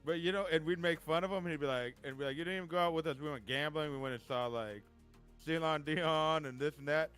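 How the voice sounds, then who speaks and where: A man's voice: a little high, quick pace, a bit bright, clean tone, soft background music. A man chatting casually while gaming, telling a funny story and laughing often as he acts out a friend's lines. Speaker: gaming streamer.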